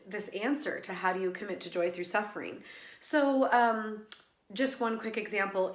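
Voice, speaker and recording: A woman's voice: mid-range voice, fairly bright tone, roomy sound. A woman who teaches laughter yoga, talking earnestly and reflectively in a personal vlog, with many fillers and restarts.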